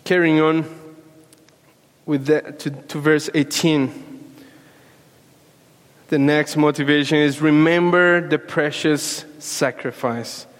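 Slow-preaching man in a reverberant hall. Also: on the high side, fairly even intonation. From Peru. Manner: earnest, repeats phrases, rising to fervent emphasis. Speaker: pastor. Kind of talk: sermon. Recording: long reverb of a large room.

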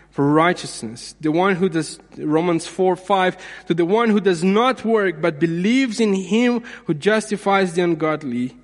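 Slow, high-voiced preacher in a reverberant hall. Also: male voice. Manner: measured, repeats phrases for emphasis. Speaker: pastor. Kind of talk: sermon.

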